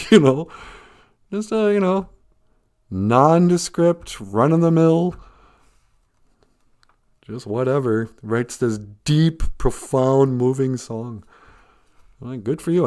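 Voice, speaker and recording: A man's voice: mid-range voice, animated, slow, pauses often, warm tone. A man hosting a casual live stream, reading out viewer comments, often chuckling and thinking aloud in a reflective way.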